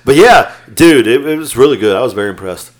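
Fifties male co-host, profane storyteller, lively up-and-down pitch, casual podcast banter. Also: fast. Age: 50s. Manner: profane, joking, laughs often. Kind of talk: casual chat.

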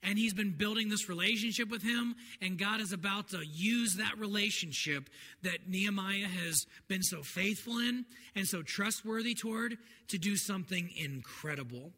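An earnest man preaches in a relaxed, conversational sermon style, his high voice carrying bright and forward. The sound rings with a long church-hall reverb. A faint noise sits underneath. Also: normal speed. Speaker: pastor.

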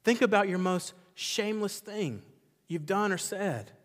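A pastor preaching a sermon with impassioned, emphatic repetition, swinging between loud exclamations and quiet intensity. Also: male voice, sits high, expressive, unhurried. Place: church sanctuary. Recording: long reverb of a large church hall.

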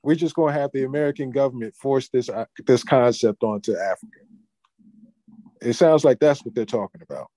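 A man's voice: medium pitch, fairly quick, mellow, no room sound. A man on a panel speaking in a questioning, somewhat hesitant way. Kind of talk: casual discussion.

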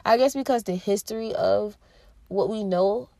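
A woman in her thirties hosting a podcast, talking alone in an earnest, heartfelt way with pauses and restarts. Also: medium pitch, gravelly, a little mellow, no room sound. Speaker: podcast host. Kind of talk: reflective solo monologue.

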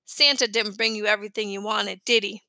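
A woman voicing an eager, wily little boy in a storybook reading, turning shrill and gushing when he gets excited. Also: a little fast, no room sound. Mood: sly.

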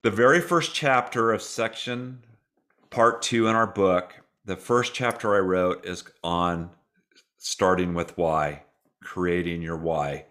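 A man's voice: low-pitched, takes it slowly, a bit bright. A middle-aged man who is a guest author, telling his story in an interview in an earnest, heartfelt way. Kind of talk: interview conversation.

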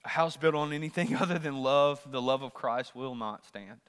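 A man preaching a sermon as pastor, swinging between loud rising questions and hushed asides. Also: mid-range voice, normal speed, clean tone, long reverb tail. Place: church sanctuary.

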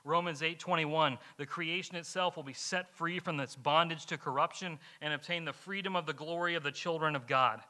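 A man's voice: fairly high pitch, pushed and bright. A male pastor from Kentucky preaching a conversational sermon, often repeating words as he talks.

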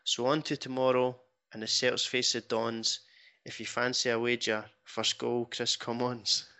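A man's voice: mid-range voice, level tone, a little slow, vocal fry, bright, forceful tone. A man hosting a football podcast, modest and self-deprecating, reading out a fan's poem. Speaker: podcast host. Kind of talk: casual podcast chat and reading a poem aloud. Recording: dull lo-fi podcast audio.

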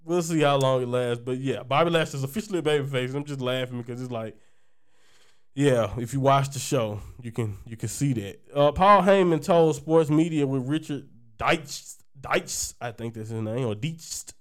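Smooth-voiced man joking through a podcast. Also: medium pitch, moderate pace. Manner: joking, rambling, laughs often. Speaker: podcast co-host. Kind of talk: casual chat.

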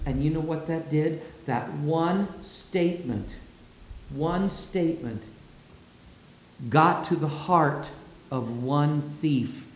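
A man preaching a sermon, dramatic, dropping low and soft when he quotes. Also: slow pace, slight background noise. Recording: roomy echo.

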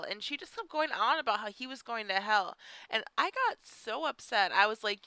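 Young female podcast host, bright and smooth, chatty storyteller, dry close sound. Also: on the high side, expressive, a little fast, no echo, poor audio. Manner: chatty, lots of "like" and "you know". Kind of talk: casual personal storytelling.

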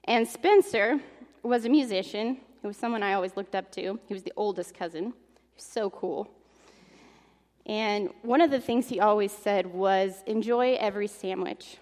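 A woman's voice: medium pitch, normal speed, a little mellow. A young adult woman preaching a sermon, earnest and at times emotional, partly reading aloud from an article. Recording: long hall reverb.

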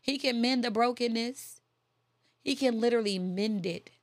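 A woman's voice: a little high, normal speed, dry recording. Emphatic woman giving a motivational talk. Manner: emphatic, repeats phrases, preachy and animated. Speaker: motivational speaker. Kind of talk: faith-based motivational talk.

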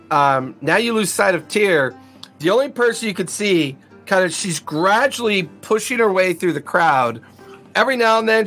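A man with a high voice narrates a tabletop game as game master, describing the scene and calling for rolls. He laughs easily as he talks. Faint music plays behind him. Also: fairly bright tone.

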